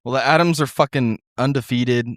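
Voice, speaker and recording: A man's voice: mid-range voice, brisk, no echo, clean studio sound. A man from the Midwest co-hosting a casual podcast, laid-back, laughing often and swearing freely. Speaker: podcast co-host. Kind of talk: casual chat.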